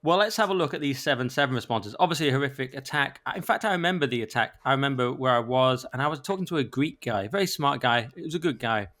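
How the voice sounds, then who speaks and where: A man's voice: medium pitch, animated, quick pace, few pauses, fairly bright tone. A man hosting a casual political podcast, joking and self-deprecating as he rambles between topics. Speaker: podcast host.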